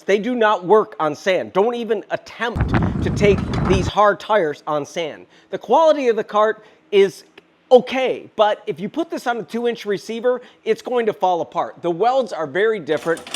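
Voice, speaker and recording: A fifty-year-old man rushing through a casual DIY vlog, a bit out of breath as he lifts the cart while he talks. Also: high voice, slight background noise. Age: 50s. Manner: rushed and chatty, talking while lifting and handling the cart. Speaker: DIY maker and channel host.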